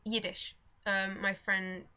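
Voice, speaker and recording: A woman's voice: mid-range voice, little pitch movement, slow pace, pushed and bright, clear, resonant tone. A young woman vlogging in casual chat at home, rambling and self-mocking with lots of fillers. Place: home room. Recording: dull lo-fi home recording.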